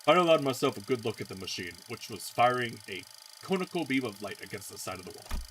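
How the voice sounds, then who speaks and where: A man streaming a story game, narrating its text aloud in an animated way and stumbling now and then. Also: mid-range voice, fast, slight background noise.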